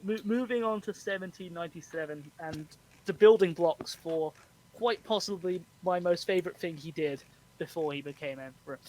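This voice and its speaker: A man hosting a podcast, explaining history in a relaxed chat with frequent laughs. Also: a little high, moderate pace, rough recording. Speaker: podcast host. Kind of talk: casual storytelling chat.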